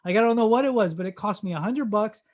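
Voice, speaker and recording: A man, an actor guest on a podcast, telling a story in a lively, animated way. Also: high voice, fast talker. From Canada. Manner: animated, loud acted-out storytelling.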